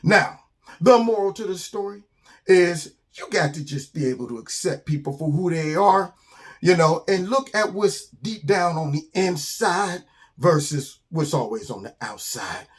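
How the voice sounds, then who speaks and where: A man hosting his own channel, telling a children's story in a casual, slangy, animated way. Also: fairly high pitch, a little slow.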